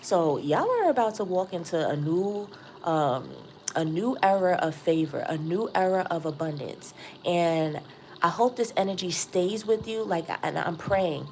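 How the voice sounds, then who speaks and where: Woman, low-ish voice, excitable live tarot reader, faint room hiss behind her. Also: unhurried. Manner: excitable, chatty, addresses viewers as y'all. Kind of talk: live tarot reading stream.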